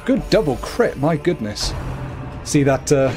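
A playful man chatting through a game livestream, his voice on the higher side and very lively in pitch. He rambles casually, now and then cooing in a soft sing-song. Faint game music plays behind him. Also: unhurried. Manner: chatty, playful, often slips into a high cooing voice for his cat. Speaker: gaming livestreamer.

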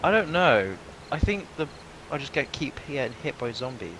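A man's voice: mid-range voice, sing-song, normal speed, a bit bright, a little hiss or hum, low-quality recording. A man chatting with a friend while gaming, laid-back and telling silly jokes, on a headset mic. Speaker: let's play co-host. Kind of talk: casual gaming banter.

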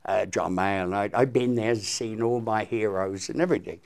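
A man's voice: on the low side, normal speed. An older man from England telling stories from his career as a musician in an interview, acting out the quotes. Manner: animated storyteller, acts out quotes. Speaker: guest musician. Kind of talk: storytelling interview.

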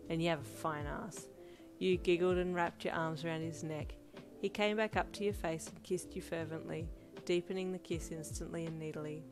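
A woman's voice: lowish voice, steady tone, fairly quick. Woman narrating fan fiction over music. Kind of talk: second-person fan fiction audiobook narration. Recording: loud music bed under voice.

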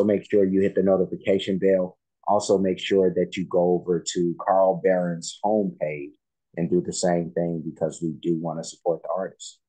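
A man hosts a reaction video in a loose, rambling chat full of ums and restarts. His voice is very low and husky, with a dark, mellow tone. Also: rough recording. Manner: rambling, filler-heavy, friendly. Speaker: reaction channel host.

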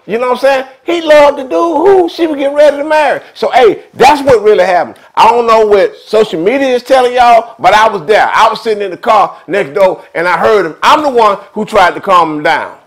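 A man's voice: high voice, big pitch swings, brisk, few pauses, low-quality recording. A man who hosts a vlog, telling stories in chatty, streetwise commentary. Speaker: vlog host. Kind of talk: casual storytelling commentary.

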